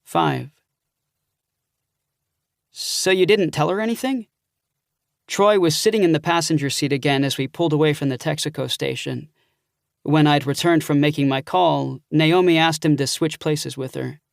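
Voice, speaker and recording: A man's voice: fairly high pitch, moderate pace, vocal fry, no room sound, studio quality. A man narrating an audiobook thriller in the first person, reading steadily.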